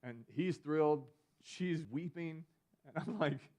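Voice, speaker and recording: Casual young pastor preaching. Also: male voice, a little high, slow pace. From Georgia. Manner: conversational, many "like" fillers, animated retelling of a personal story. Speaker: student ministry pastor. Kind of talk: youth sermon.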